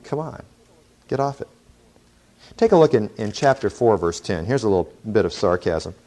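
A middle-aged man giving a lively sermon with humorous, sarcastic asides. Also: lowish voice, normal speed. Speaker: preacher.

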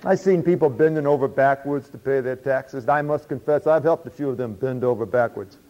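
A brisk, mid-range male voice, only lightly acted, portrays a former tax collector now a disciple, with some chatter audible behind him. The dramatic first-person monologue is folksy and confiding with dry humor, recorded in dull lo-fi quality.

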